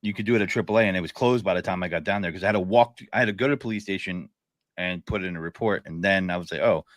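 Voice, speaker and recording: Male podcast co-host, low-ish voice, easygoing storyteller, dry close recording. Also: rapid-fire, a bit bright, no room sound. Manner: laid-back storyteller, laughs while talking. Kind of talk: casual chat.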